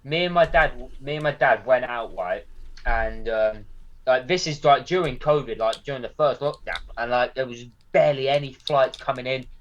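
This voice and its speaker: A young man from Yorkshire with a Yorkshire accent, co-hosting a podcast in casual chat and telling jokey, animated stories. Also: medium pitch, normal speed. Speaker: podcast co-host. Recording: slightly dull lo-fi sound.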